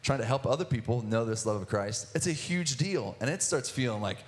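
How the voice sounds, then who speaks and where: A young man in his twenties, a guest speaker at church, shares his personal testimony in a medium-pitched voice at a fairly quick pace. He comes across as earnest, with many restarts and filler words.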